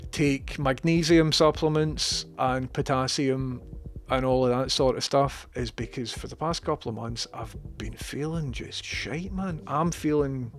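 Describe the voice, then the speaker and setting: A man's voice: medium pitch, a little slow. A Scottish man casually chatting on his livestream, reading out chat messages with a slight cold in his voice. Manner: chatty, swears casually, reads chat aloud. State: has a cold.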